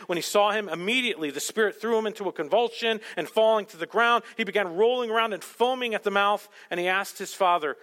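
A male pastor preaches with an impassioned delivery, pressing his points up to emphatic peaks. His fairly high, bright voice cuts through. The sound rings out with the long reverb of a church sanctuary. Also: fast talker, few pauses. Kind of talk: sermon. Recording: long reverb of a large hall.

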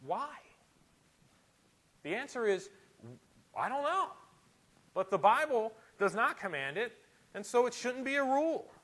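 A man preaching a sermon in a church, animated and emphatic, with sudden loud rises. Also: extremely high pitch, moderate pace, rough recording. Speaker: pastor.

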